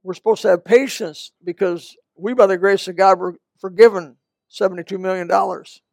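An older pastor preaches in a folksy, conversational way, full of quick asides. His voice sits high for a man and has a gravelly edge. The sound is close and dry. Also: fairly even intonation, darkish tone, no echo. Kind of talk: sermon. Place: church.

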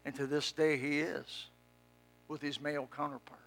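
Brief: male pastor, fiery sermon, hushed-to-shouting swings, a bit high, very bright and forceful. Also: level tone, normal speed, vocal fry. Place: church sanctuary with a congregation.

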